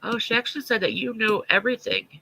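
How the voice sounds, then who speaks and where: A congested man with a stuffy nose chatting on a livestream, answering viewer comments bluntly and with a lot of swearing. His voice is gravelly with plenty of fry, set fairly high for a man and very sharp and tense in tone. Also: expressive, fast, a little hiss or hum, low-quality recording. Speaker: livestream host. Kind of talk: casual livestream chat.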